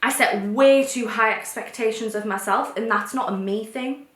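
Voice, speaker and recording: A young woman from North East England with a posh English accent, talking candidly to camera in quick bursts with restarts. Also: fairly high pitch, a bit bright. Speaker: vlogger. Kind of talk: casual talk to camera. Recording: echoey room.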